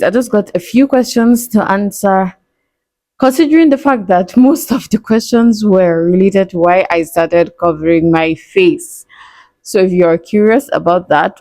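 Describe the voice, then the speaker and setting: A woman's voice: fairly low pitch, warm tone, no room sound, clean studio sound. A young woman, answering viewer questions in a candid, playful way that breaks into frequent laughs. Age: 20s. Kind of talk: casual Q&A vlog.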